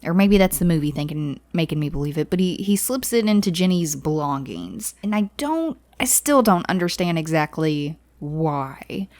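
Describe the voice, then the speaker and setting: A chatty woman co-host who laughs easily and keeps asking questions as she goes. Her voice sits a little low, and it is recorded dry and close. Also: expressive, normal speed, few pauses, a little mellow, no echo. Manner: giggly, chatty, wonders aloud with questions. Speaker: podcast co-host. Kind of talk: casual chat.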